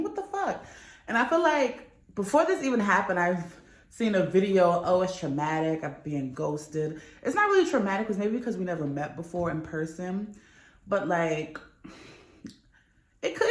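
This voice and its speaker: A woman's voice: medium pitch, reverberant. A young woman vlogging in a casual, candid chat, swearing freely as she tells a story. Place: New York.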